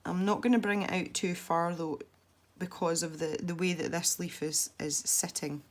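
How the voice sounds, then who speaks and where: A young woman with a congested, stuffy voice, chatting softly as she narrates her colouring. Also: fairly low pitch, fairly even intonation, normal speed. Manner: soft-spoken, chatty and self-deprecating. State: congested from a head cold. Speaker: colouring video host. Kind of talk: relaxed colouring commentary.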